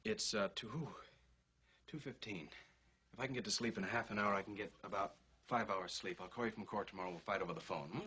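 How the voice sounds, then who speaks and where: An actor playing a wry, exasperated young husband and lawyer, with a husky voice and dry, teasing delivery in a 1960s film comedy. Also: male voice, on the low side, quick pace, pushed and bright, full character voice. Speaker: husband in a marital argument.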